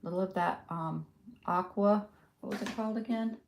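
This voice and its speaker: A middle-aged woman from Western North Carolina with a Southern accent, teaching a casual live painting tutorial, thinking aloud with many ums and soft laughs. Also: medium pitch, normal speed, creaky, slight background noise. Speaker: art instructor. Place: home art studio. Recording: roomy studio with guitar music behind.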